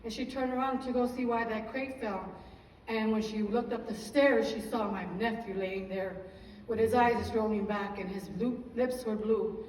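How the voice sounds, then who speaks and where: A woman's voice: a little high, steady tone, moderate pace, darkish tone. A woman giving an emotional church testimony, telling her story earnestly and praising God between sentences, recorded from far off in an echoey church hall.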